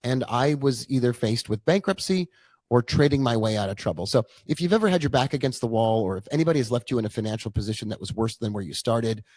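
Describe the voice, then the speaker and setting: A man's voice: mid-range voice, animated, fast talker, a little mellow, no echo. A man in his forties, a trading coach, telling his own story in a casual, chatty live-stream talk full of asides.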